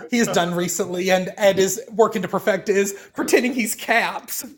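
Halting, laughing woman co-host. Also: mid-range voice. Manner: halting, restarts, laughs easily. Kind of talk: casual chat.

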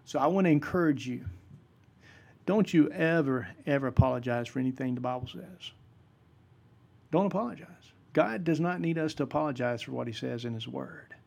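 A man's voice: mid-range voice, normal speed, creaky, darkish tone. A man preaching a sermon-style talk, emphatic and repeating key phrases for force.

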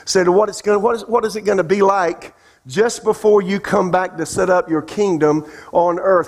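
Male pastor, higher voice, emphatic sermon with questions to the congregation. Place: church sanctuary.

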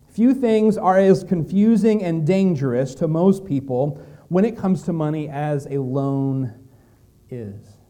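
A male pastor preaching in a conversational, storytelling way, slowing down to stress key words. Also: high voice, warm tone. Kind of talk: sermon.

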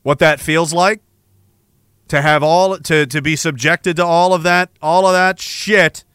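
A man's voice: on the high side, steady tone, measured pace, fairly bright tone, clean tone, dry recording, studio quality. A man hosting a podcast, delivering an angry, sarcastic, profane monologue. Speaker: podcast host. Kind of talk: ranting monologue.

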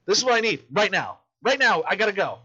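Profane, animated man on a lo-fi podcast. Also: sits high, quick pace, husky. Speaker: independent filmmaker. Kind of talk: casual podcast chat.

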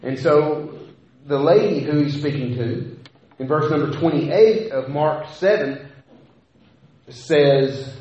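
A man's voice: fairly high pitch, takes it slowly, pauses often, a little mellow. A man preaching a sermon, talking conversationally with rhetorical questions and frequent restarts. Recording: echoey hall, dull lo-fi sound.

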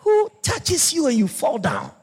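A male pastor preaching a sermon and telling personal stories, swinging from loud exclamations to low murmurs. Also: huge pitch swings, measured pace. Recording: long hall reverb.

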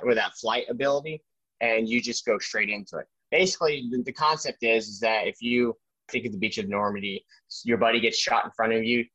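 A man recounts his army days in a loose, animated way, stumbling and restarting as he goes. The recording sounds muffled and lo-fi. The room adds almost no echo. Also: lowish voice. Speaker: army veteran guest. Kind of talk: casual storytelling interview. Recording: dry, dull lo-fi sound.

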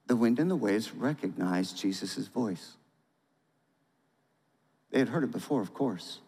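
Animated male pastor in an echoey hall. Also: on the low side, a little slow, slightly rough. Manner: animated, dramatic read-aloud, asks the audience to respond. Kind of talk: sermon with storybook reading. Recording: long hall reverb.

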